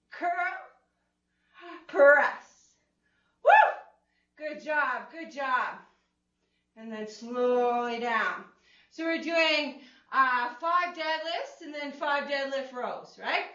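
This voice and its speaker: A woman's voice: high-pitched, pushed and bright. Upbeat woman leading an exercise class. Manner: upbeat and encouraging, playful, cheering "woo". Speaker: fitness instructor. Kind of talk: chair-friendly exercise class instruction. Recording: echoey room, mic at a distance, dull lo-fi sound.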